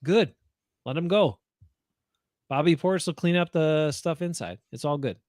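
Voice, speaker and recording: A man talks sports in a blunt, rambling, opinionated way. His voice sits a bit high for a man. The sound is dry and close, with no room around it. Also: moderate pace, darkish tone, no echo. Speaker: podcast co-host. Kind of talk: casual sports chat.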